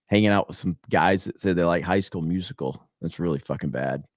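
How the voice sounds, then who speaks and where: A man's voice: low-pitched, fairly quick, no echo, studio quality. A man co-hosting a casual livestream, talking in a rambling way with swearing and laughter. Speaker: co-host.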